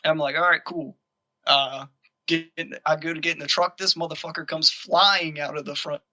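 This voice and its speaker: A man's voice: fairly high pitch, moderate pace, rough recording. A young man telling a profane story in casual chat, acting out the arguments. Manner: profane, animated, acts out quoted arguments. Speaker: podcast guest telling a story.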